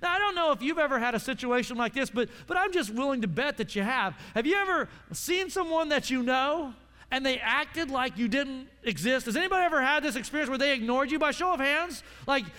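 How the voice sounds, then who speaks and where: High-voiced male pastor in a reverberant hall. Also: lively intonation, a little fast, sharp tone. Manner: conversational, repeats words, questions the audience. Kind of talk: sermon.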